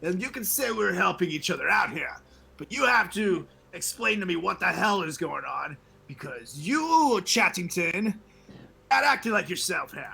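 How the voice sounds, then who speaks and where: A man voicing a brash, loyal male warrior who talks loudly and swears in disbelief. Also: high-pitched, big pitch swings, normal speed, gravelly, slightly rough, heavily acted. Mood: confused. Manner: loud, incredulous, swearing.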